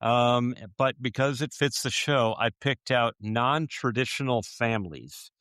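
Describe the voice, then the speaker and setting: A man's voice: mid-range voice, measured pace, a bit bright, clear, resonant tone, dry recording, studio quality. Laughing male podcast co-host. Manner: laughs often, hesitant with many fillers. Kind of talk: casual chat.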